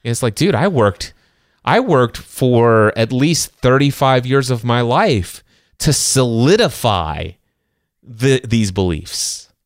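A man's voice: mid-range voice, lively intonation, slow, no room sound, clean studio sound. A middle-aged man co-hosting a podcast, talking through a self-help book in an earnest, conversational way with rhetorical questions and frequent restarts. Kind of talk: casual faith-based self-help discussion.

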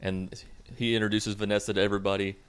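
A man's voice: on the low side, flat delivery, fast, clear, resonant tone. A young man hosting a podcast, recapping a movie in a sarcastic, profane, comic way. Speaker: podcast host.

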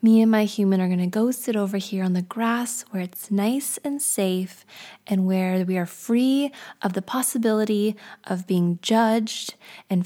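Fear, a panicky male spirit, comes across in a soft, warm, half-whispered plea, as a woman storyteller puts him on. He clings and begs, and he is fretful rather than frightening. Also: medium pitch, natural voice. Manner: pleading, nervous.

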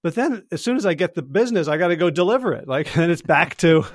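Guy guesting on a podcast, coach type, kinda high voice, dry close mic, chill storytelling w little laughs. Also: expressive, fast, no echo. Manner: reflective, chuckles often, loose storytelling. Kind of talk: casual podcast conversation.

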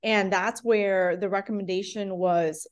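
A woman's voice: medium pitch, fairly even intonation, unhurried. A woman hosting a podcast and coaching for an exam, encouraging her guest and asking questions in a casual chat. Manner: encouraging, asks leading questions.

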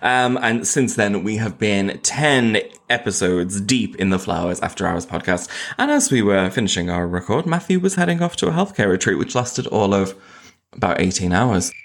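A man's voice: fairly low pitch, animated, moderate pace, vocal fry. A man hosting a podcast, chatting casually in a camp, teasing way. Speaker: podcast host. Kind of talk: casual chat.

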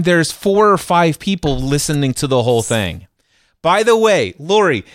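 A man hosting a podcast, telling a personal story in an animated, conversational way and acting out quoted voices. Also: a little high, dry recording, studio quality. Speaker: podcast host.

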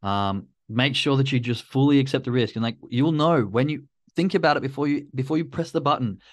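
A man's voice: medium pitch, fairly quick. Man coaching traders, talking through his inner dialogue. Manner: acts out his own inner dialogue in a loose, conversational way. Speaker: trading coach. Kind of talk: casual coaching talk.

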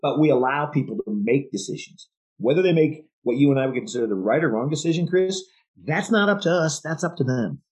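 Husky, emphatic male sales podcaster. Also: fairly high pitch, lively intonation, brisk, darkish tone, poor audio. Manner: emphatic, rambling with restarts. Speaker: podcast co-host. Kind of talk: casual sales chat.

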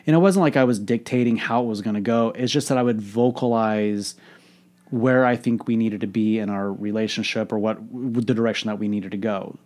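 Low-voiced man telling a frank story. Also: steady tone, moderate pace, darkish tone. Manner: frank and reflective, swears freely. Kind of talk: candid personal storytelling monologue.

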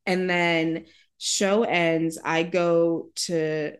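Woman dancer, low-ish register, animated casual storyteller, heavy on fillers. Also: extremely slow, clean tone. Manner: animated, acts out quoted dialogue, many "like" fillers. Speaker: ballet dancer.

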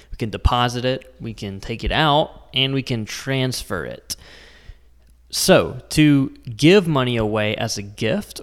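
Smooth-voiced American man teaching Spanish. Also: mid-range voice, big-room sound. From United States. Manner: clear, patient explanations, slows down to spell out words. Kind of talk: scripted language lesson.

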